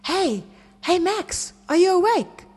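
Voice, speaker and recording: A woman voicing an eager, friendly young male pet dog in a storybook reading, speaking in a high, excited voice. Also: takes it slowly, in a large hall, heavily acted. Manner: bright and excited, high-pitched.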